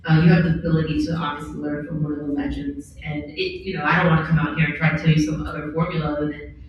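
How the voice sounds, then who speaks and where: A woman speaking candidly and bluntly on a conference panel, with an animated way of talking. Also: deep voice, quick pace, muffled recording, a little hiss or hum. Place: large event hall on a stage. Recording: echoey hall from far off.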